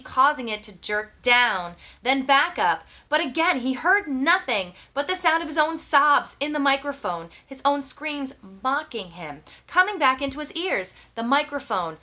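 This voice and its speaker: A woman's voice: high-pitched, big pitch swings, moderate pace, bright, forceful tone. A woman narrating an audiobook with tense, dramatic storytelling. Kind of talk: scripted narration.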